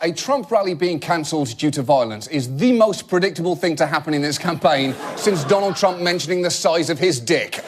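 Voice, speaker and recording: A man delivering a satirical late-night monologue, animated and mock-outraged, breaking into shouts. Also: on the high side, brisk, hardly any pauses. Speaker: host. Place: TV studio stage with audience. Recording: live studio audience laughing, some noise.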